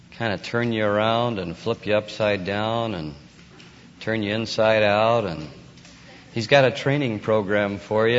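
A man giving a folksy, informal sermon as a conference speaker. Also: a little hiss or hum. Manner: folksy, rises to excited high voice in anecdotes. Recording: dull lo-fi audio in a hall.

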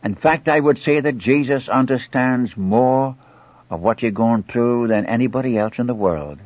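A man's voice: mid-range voice, moderate pace, no room sound. A man preaching an earnest sermon, acting out scripture dialogue and pleading directly with his listeners. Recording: muffled old dry recording.

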